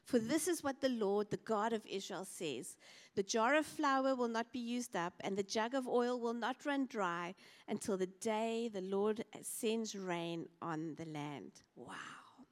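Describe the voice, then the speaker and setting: A woman's voice: medium pitch, expressive, measured pace. A woman preaching a sermon, telling stories animatedly and acting out the voices of the people in them. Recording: reverberant hall.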